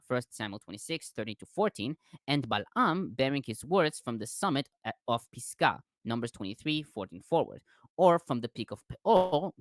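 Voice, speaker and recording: In a dry, clean studio recording, a man with a medium-pitched voice hosts a discussion. He reads scholarly commentary carefully but with lively intonation.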